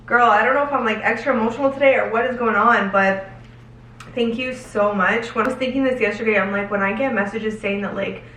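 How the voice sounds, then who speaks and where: A young woman, a lifestyle vlogger, answers viewer questions to camera in a casual, emotional, candid chat, stretching out words for emphasis. Her voice is fairly high, fairly bright and a little fast. The room echoes, she sits slightly distant from the mic, and there's slight background noise.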